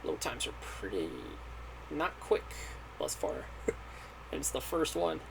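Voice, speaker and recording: A man's voice: medium pitch, wildly swooping pitch, slow pace, creaky, background noise. A man casually commenting while playing a game, making chatty asides for his viewers. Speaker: gaming YouTuber. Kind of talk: let's play commentary. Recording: loud game music behind.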